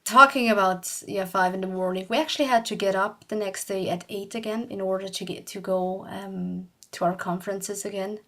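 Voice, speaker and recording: A woman's voice: mid-range voice, fairly even intonation, moderate pace, few pauses, fairly bright tone. Chatty young woman telling a story. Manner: chatty, rambling, laughs often, acts out quotes. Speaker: YouTuber. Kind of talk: casual storytelling vlog.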